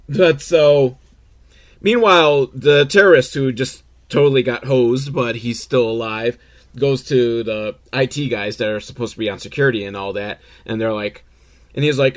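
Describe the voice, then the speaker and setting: A man recapping a movie in a casual comedic way, sarcastic and profane, breaking into quick character voices. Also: medium pitch, expressive, a bit bright.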